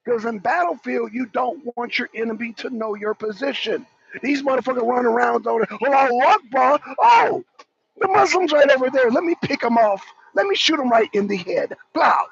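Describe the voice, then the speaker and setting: A man giving heated commentary on a talk show, ranting in a loud, profane, mocking way. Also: extremely high pitch, animated, normal speed, vocal fry, slight background noise. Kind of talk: heated live-stream commentary. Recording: dull, dry lo-fi sound.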